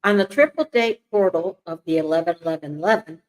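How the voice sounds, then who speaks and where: Older woman reading aloud haltingly. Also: on the low side, rough recording. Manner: reads haltingly, coughs, apologizes, chatty asides. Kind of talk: casual reading and chat.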